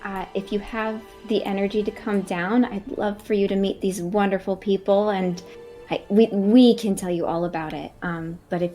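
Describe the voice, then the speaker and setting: A woman's voice: mid-range voice, fairly even intonation, moderate pace, mellow, faint music behind. Giggly woman playing her character. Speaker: player. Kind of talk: playing a character in a tabletop game.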